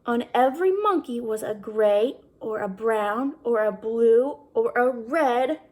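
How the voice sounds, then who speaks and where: A woman reading a children's picture book aloud, pausing to ask the listener questions. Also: a little high. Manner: animated, asks the listener questions. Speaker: children's story reader. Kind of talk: read-aloud storytime.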